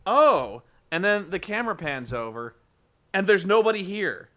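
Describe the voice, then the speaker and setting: Lively dude ranting about wrestling, bright voice, laughs a lot in his tone. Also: sits high, normal speed. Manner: animated, joking, swears freely. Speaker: podcast host recapping wrestling. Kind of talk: casual chat.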